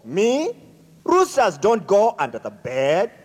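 A man's voice: high voice, wildly swooping pitch, slow, breathy edge, long reverb tail, heavily acted. A man voicing a proud rooster who brushes off a friend's plea in a told folk tale. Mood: scoffing. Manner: scoffing, dismissive. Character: proud dismissive male rooster.

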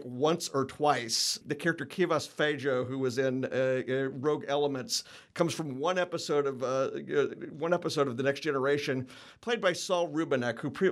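Author guy chatting easygoing, voice sits a bit high. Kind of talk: conversational panel talk.

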